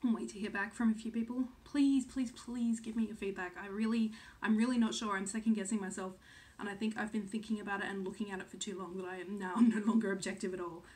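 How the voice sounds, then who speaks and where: A woman's voice: mid-range voice, fairly even intonation, quick pace, few pauses, a little mellow. A woman in her thirties from Australia chatting casually to camera as a cross-stitch vlogger, full of "um"s and second-guessing herself. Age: 30s.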